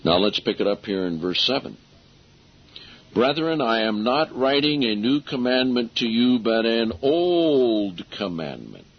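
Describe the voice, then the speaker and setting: Delivering a sermon, a husky-voiced man with a mid-range, sing-song voice reads scripture emphatically and slows way down to stress important phrases. The recording quality is dull and lo-fi.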